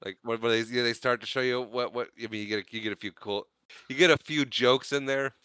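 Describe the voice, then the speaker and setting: A man co-hosting a podcast, recapping a movie in casual chat, laughing often and slipping into quick character voices. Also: mid-range voice, fairly even intonation, pushed and bright, clean tone, dry recording. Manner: chatty, laughs often, does quick character voices while retelling scenes. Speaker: podcast co-host.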